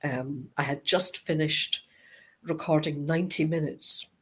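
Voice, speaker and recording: Husky low-voiced Scottish woman. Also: a little slow. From Scotland. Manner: lively storytelling, acting out quoted dialogue. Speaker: guest author. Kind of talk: interview anecdote.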